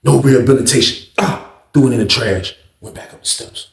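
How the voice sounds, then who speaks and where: A man telling a profane prison story in a casual, animated way, acting out the other people's voices. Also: medium pitch, brisk, creaky. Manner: animated, acts out others' voices, heavy cursing. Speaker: storyteller vlogger. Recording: echoey room.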